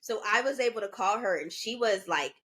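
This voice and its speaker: A woman's voice: mid-range voice, a little fast. A woman in her twenties co-hosting a podcast, telling stories in a casual chat and slipping into voices of the people she quotes. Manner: animated storytelling, mimics others' voices. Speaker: podcast co-host.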